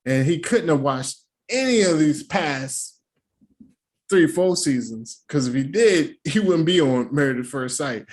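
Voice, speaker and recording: Recapping a reality show for a reaction video, this male host speaks at a measured pace in a fairly high voice with lively intonation. He keeps it casual, slangy, and profane, laughing a lot and slipping into playful impressions.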